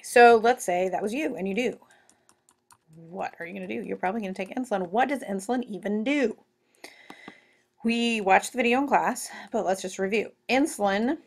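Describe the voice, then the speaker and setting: A woman teacher giving a recorded classroom lecture in an animated, joking way, full of asides. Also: mid-range voice.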